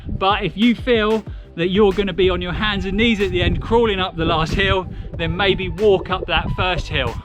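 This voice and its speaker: A man's voice: high-pitched, fairly even intonation, moderate pace. A man giving casual, encouraging running advice to camera as a vlogger. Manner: chatty and encouraging. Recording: music playing behind.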